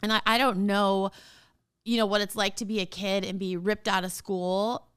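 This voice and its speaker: A woman in her forties hosting a casual podcast, talking straight to parents in an animated, emphatic way and often laughing. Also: mid-range voice, moderate pace, smooth. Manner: talks straight to listeners as a parent. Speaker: podcast host.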